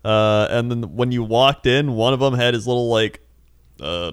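In studio-quality audio with no room sound, a young male podcast co-host speaks smoothly at medium pitch and normal speed. His casual chat is full of laughing anecdotes in which he performs the voices of the people involved.

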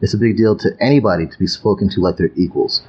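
A man with a fairly low voice speaks emphatically as an interview guest, often repeating words before landing his point. The recording sounds slightly dull and muffled, with the highs rolled off. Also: quick pace, breathy edge. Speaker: guest, youth coach. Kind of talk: conversational podcast interview.

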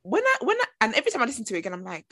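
A woman's voice: fairly high pitch, wildly swooping pitch, racing, fairly bright tone, no room sound. Dry-sounding woman telling stories. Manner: storytelling, quoting lyrics. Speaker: guest co-host. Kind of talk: casual chat.

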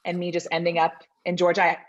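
A woman's voice: lowish voice, completely flat delivery, fast, highs cut off. A woman in her thirties chatting easily as a podcast guest, laughing often and poking fun at herself. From American South. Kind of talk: casual interview chat.

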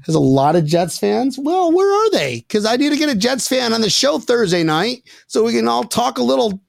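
A man's voice: very high-pitched, animated, a little fast, creaky, no room sound, clean studio sound. A man hosting a podcast over a video call, rambling and joking with casual profanity. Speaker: podcast host. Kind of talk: casual chat.

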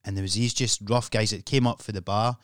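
A man's voice: on the low side, fairly even intonation, a little fast, a bit bright, clear, resonant tone, dry recording, clean studio sound. A male comedian telling a gig story on a podcast, casual and swearing.

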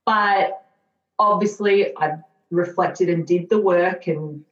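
A podcast guest in her thirties speaks slowly in a voice on the low side, telling her own story with candor. She comes across as reflective and earnest, with flashes of sarcasm at her own expense. It's a dull, roomy, lo-fi recording.

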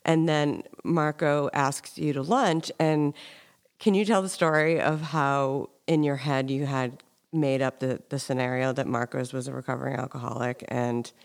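A woman's voice: extremely low pitch, steady tone, moderate pace. A woman hosting an interview in a chatty, encouraging, conversational way. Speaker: host.

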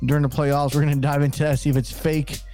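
A man in his thirties co-hosting a casual sports podcast, upbeat and rambling, quick to laugh. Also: on the high side, little pitch movement, mellow, faint music behind. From Hispanic background. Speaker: podcast co-host.

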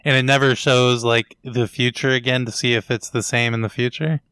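Podcast cohost, casual, smooth clear voice, dry close sound, curious questioner. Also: male voice, medium pitch, level tone, normal speed, pushed and bright, no room sound. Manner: curious, asks follow-up questions. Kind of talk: casual chat.

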